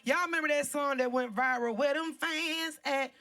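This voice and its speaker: Woman, comedy host, bright tense voice, mic a bit far off. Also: high voice, normal speed. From Southern United States. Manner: loud, playful, laughing, talks to the crowd. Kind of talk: live stand-up hosting. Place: live comedy show venue.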